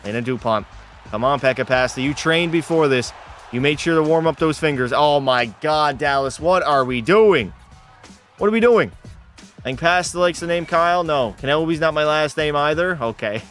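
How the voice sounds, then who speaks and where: Young guy streamer, fairly high voice, casual and profane, faint music under. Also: normal speed, fairly bright tone. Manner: casual, swearing, frustrated outbursts. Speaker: gaming streamer. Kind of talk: live game commentary with chat.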